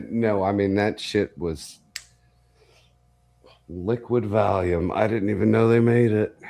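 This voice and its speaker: Very deep-voiced man telling a profane story. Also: warm tone. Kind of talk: casual chat, storytelling.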